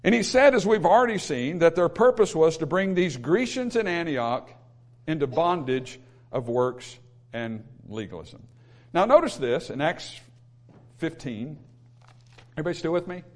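A man's voice: on the high side, sing-song, normal speed. A male pastor preaching a sermon in an emphatic, repetitive way, with humorous asides.

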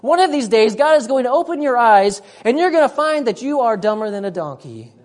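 A woman's voice: fairly high pitch, very animated, fairly quick, darkish tone. A woman preacher delivering a sermon, emphatic, repeating her points and often urging "listen".

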